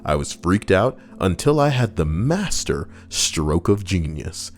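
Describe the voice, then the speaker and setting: A man's voice: deep voice, sing-song, unhurried. A man reading stories aloud as a host, breaking off for sarcastic, rambling comic asides. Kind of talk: comedic reading with commentary.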